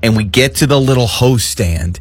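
A male radio co-host in casual banter, retelling a story with animated, exaggerated swings of pitch. His voice is a bit husky and dry. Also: moderate pace, no room sound.

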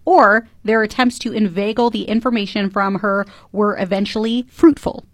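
A woman's voice: mid-range voice, fairly even intonation, normal speed, no room sound. A woman co-hosting a radio show, teasing her partner and reading out word definitions. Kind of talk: casual radio banter.

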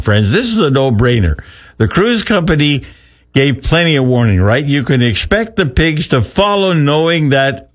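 A man's voice: fairly high pitch, a bit bright. A man hosting a morning radio show, chatting through an ad read and a funny news story. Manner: chatty, laughing at his own story. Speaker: radio host.

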